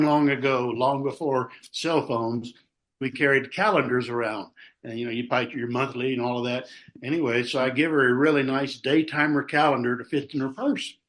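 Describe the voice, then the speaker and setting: A man's voice: medium pitch, fairly bright tone. An older man in his sixties, a pastor from Texas, telling stories in a casual, folksy way and acting out what others said. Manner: folksy, acts out quotes with raised voice. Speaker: pastor, podcast guest. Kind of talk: casual chat, storytelling.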